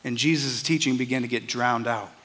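A man's voice: medium pitch, fairly even intonation, a little fast, fairly bright tone. Earnest preaching man, reverberant hall. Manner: earnest, conversational, repeats words when starting phrases. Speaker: pastor. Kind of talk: sermon.

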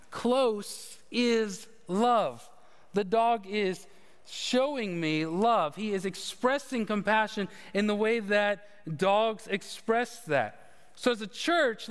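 High-voiced pastor preaching. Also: male voice, fairly bright tone, in a large hall. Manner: storytelling with humor, conversational. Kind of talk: sermon. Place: church sanctuary.

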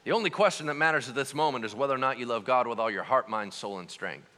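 A man preaching a sermon as pastor, conversational and animated, asking his listeners questions as he goes. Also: mid-range voice, fast, long reverb tail.

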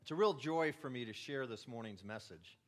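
A man's voice: medium pitch, expressive, fairly quick. Man preaching a lay sermon. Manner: self-deprecating, conversational, warm asides. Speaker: church elder giving the sermon. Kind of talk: lay sermon with light humor.

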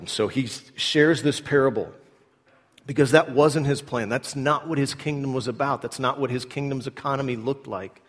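A man preaching a sermon, telling a parable with animated storytelling and quoting the characters in a lower voice. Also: brisk, in a large hall. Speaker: pastor.

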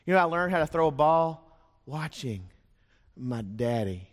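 A man with a somewhat high voice preaches a sermon in a church sanctuary. He tells stories, piles up rhetorical questions and lets his voice fall to a hush for emphasis. A long reverb from the hall follows each phrase. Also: very animated, normal speed. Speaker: pastor.

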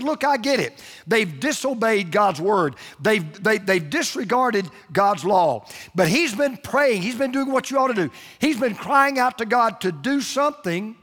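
High-voiced preacher in a reverberant hall. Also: male voice, a bit bright. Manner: emphatic preaching, slowing down to stress key phrases. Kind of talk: sermon.

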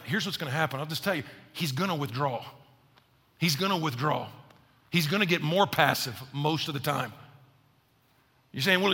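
A man preaches to his congregation with a gravelly, husky edge and a bright, forceful tone. He talks in an animated, chatty way with playful asides. His voice rings out with a long hall reverb. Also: on the high side. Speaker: pastor. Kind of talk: sermon.

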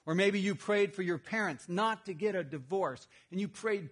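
At normal speed and in a high-pitched voice, a man from Texas preaches as a pastor. He tells a self-deprecating, funny story from his own life, then addresses the people in the congregation.

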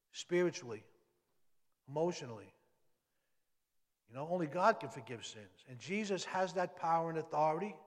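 Man preaching in a reverberant hall. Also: fairly high pitch. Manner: conversational preaching with emphatic rises. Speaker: pastor. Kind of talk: sermon.

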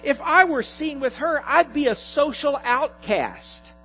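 A man voicing a self-absorbed college girl who brushes off every request, high and prim. Her pitch sits well up and swings widely as she protests. Soft music plays underneath. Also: lively intonation, a little slow, full character voice, poor audio. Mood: haughty. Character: self-absorbed young woman student, dismissive.

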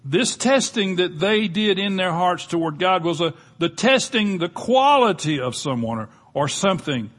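A man's voice: sits high, expressive, moderate pace, few pauses, fairly bright tone. An older man with a Southern US accent preaching a sermon, folksy and conversational, with touches of humor. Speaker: pastor.

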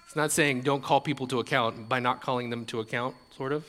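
Bright-voiced man preaching in a reverberant hall. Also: medium pitch, steady tone, a little fast, few pauses. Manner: conversational, repeats words, laughs lightly, acts out quotes. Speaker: pastor. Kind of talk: sermon.

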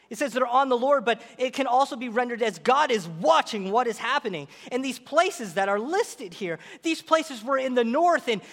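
A man preaching a sermon as pastor, animated, acting out quoted voices. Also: extremely high pitch, big-room sound.

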